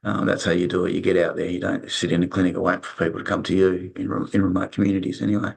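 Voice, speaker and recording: Low-voiced man telling stories. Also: flat delivery, very fast, gravelly, slightly rough. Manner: rambling, repeats words, acts out quoted dialogue. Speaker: interview guest, resilience consultant. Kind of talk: casual storytelling interview.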